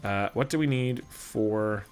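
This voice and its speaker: A man from Alberta, Canada, chats through a gameplay session at his desk mic. He rambles and pokes fun at himself, and his voice sits a little low. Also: takes it slowly, faint music behind. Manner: rambling, self-deprecating, chatty. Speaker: gaming channel host. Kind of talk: casual gameplay commentary.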